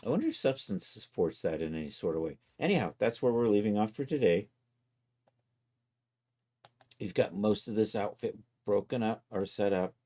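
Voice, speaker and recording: A man's voice: on the low side, lively intonation, a little fast, few pauses, dark tone, husky. A man streaming live, chatting casually and thinking aloud as he wraps up and looks for a channel to raid. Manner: easygoing, thinks aloud while clicking around.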